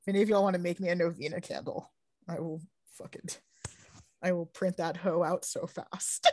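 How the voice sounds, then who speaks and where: A young woman co-hosting a podcast in casual chat, animated, swearing freely and laughing often. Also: fairly low pitch, normal speed, dry recording. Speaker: podcast co-host.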